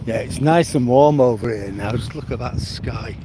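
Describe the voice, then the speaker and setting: A man's voice: medium pitch, very noisy. A man, chatting casually on a live stream while walking outdoors along the coast. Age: 70s. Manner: unhurried rambling chat, answers viewers' comments.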